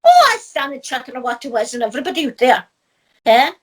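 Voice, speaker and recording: Scottish woman, middle-aged, high bright voice, chatty spiritual teacher who laughs a lot. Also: a little fast. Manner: lively storyteller who laughs often. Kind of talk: casual chat.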